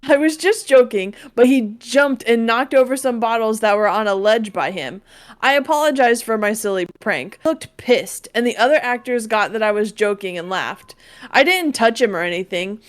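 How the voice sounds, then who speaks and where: A woman co-hosting a casual podcast, reading a listener's story aloud. Her voice sits a little high, and she keeps a dry, unbothered tone with quick asides. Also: lively intonation. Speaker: podcast co-host.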